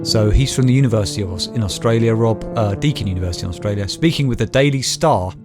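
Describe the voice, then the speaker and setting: A man's voice: lowish voice, fast, over music. A British man co-hosting a podcast, chatting casually and reading news stories aloud with jokey, mock-dramatic flourishes. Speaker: podcast co-host.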